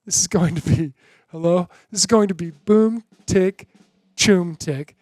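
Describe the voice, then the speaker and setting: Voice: medium pitch, measured pace, a little mellow, no echo, studio quality. A drum teacher giving a beginner lesson in an encouraging way, chanting drum syllables in rhythm.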